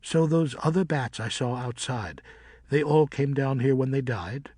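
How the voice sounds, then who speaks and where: A man's voice: medium pitch, unhurried, mellow, no room sound, clean studio sound, natural voice. A man voicing a young, curious and headstrong male bat who speaks earnestly and impatiently.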